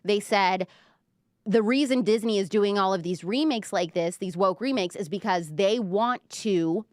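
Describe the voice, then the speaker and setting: A woman's voice: medium pitch, a little slow, dry recording, studio quality. A young woman hosting a casual pop-culture livestream, chatty and gossipy, full of "like" and reading viewer comments aloud. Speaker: livestream show host.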